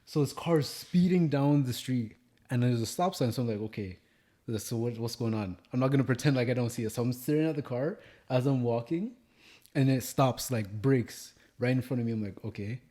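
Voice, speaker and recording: A man's voice: medium pitch, fairly quick. A young man, co-hosting a casual podcast chat and telling stories with rising animation. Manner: animated storyteller who gets loud and heated. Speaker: podcast co-host.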